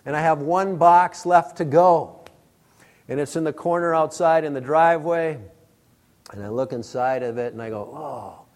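A man's voice: on the high side, moderate pace. A middle-aged male pastor preaching a sermon, telling stories with acted-out exclamations. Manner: storytelling, animated with acted-out exclamations.

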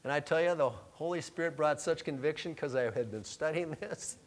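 A man preaching a sermon, telling a personal story in a conversational, joking way, dropping to soft murmurs and rising to loud emphatic lines. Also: on the high side, brisk, a little hiss or hum. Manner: conversational, self-deprecating, jokey asides. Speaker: pastor.

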